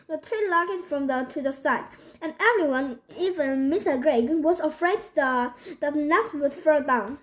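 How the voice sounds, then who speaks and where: A woman with a Korean accent reading a children's book aloud, halting often and repeating words as she restarts. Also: high-pitched, fairly bright tone, slight background noise. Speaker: reader.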